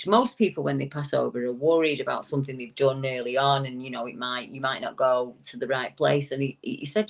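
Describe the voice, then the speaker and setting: Animated woman telling a story. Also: a little fast, creaky, few pauses. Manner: animated storyteller, swooping into high quoted voices, frequent restarts. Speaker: guest paranormal investigator. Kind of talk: casual storytelling on a talk show.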